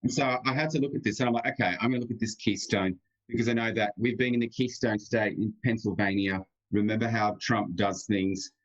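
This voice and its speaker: A man's voice: fairly low pitch, a little fast. A man with an Australian accent, a guest on a live online show, talking earnestly and emphatically. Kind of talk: casual live-stream chat. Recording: dull lo-fi sound.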